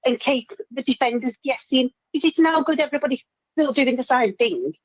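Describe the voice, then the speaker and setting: A woman's voice: high voice, brisk, dry recording, poor audio. An older woman phoning in to a football show, talking earnestly in an English accent. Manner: earnest, agreeable, tag questions. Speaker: caller. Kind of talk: casual phone-in chat.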